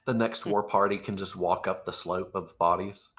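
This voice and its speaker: A man's voice: low-pitched, fairly even intonation, normal speed, fairly bright tone. A man joking around as a player in a tabletop game, often speaking in character as a brash fighter. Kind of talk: casual tabletop play.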